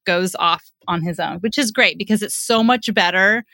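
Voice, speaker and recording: A woman's voice: medium pitch, moderate pace, gravelly, bright, forceful tone, no room sound. Middle-aged woman guest, earnest explainer who acts out quotes, dry recording. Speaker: psychotherapist and parenting author, podcast guest. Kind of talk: conversational storytelling, explaining.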